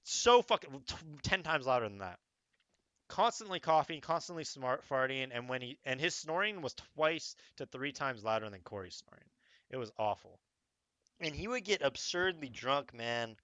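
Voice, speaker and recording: A young man telling a long, profane story in casual talk, rambling and animated, often checking in with the listener. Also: mid-range voice, normal speed, no echo. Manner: animated, profane, rambling with frequent "okay?" asides.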